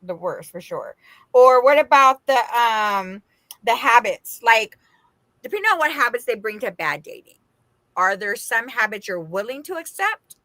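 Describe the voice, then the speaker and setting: A woman's voice: on the high side, normal speed, no room sound. A middle-aged woman from the Las Vegas area, casually chatting as a podcast co-host and acting out what people said. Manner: animated, acts out quoted voices, laughs often. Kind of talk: casual chat.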